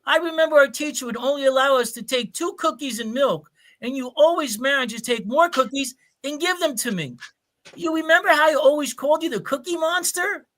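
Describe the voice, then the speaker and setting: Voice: sits high, pushed and bright. A performer voicing an earnest young man in an amateur radio drama, speaking heartfelt and hesitant. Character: earnest young man proposing to his sick girlfriend.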